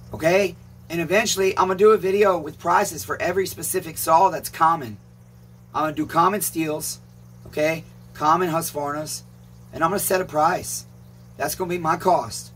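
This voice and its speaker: In a slightly high, somewhat bright voice with a little hiss or hum in the recording, the channel host who runs a chainsaw repair shop rambles through a casual vlog. He swears a lot, speaks emphatically and calls his audience "neighbors."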